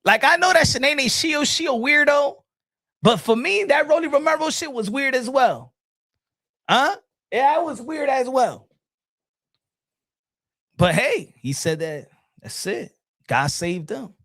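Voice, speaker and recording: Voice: high voice, unhurried, pauses often, no echo, studio quality. A boxing podcast host, ranting casually in a profane, laughing way, with many restarts. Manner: animated, profane, laughs often, stumbles and restarts.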